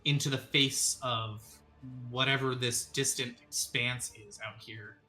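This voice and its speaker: A man acting as dungeon master, describing a scene and laying out choices for the players in a measured storytelling manner. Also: mid-range voice, steady tone, bright, forceful tone, faint music behind. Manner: descriptive, measured storytelling with sudden quick asides. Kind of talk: narrating a tabletop game.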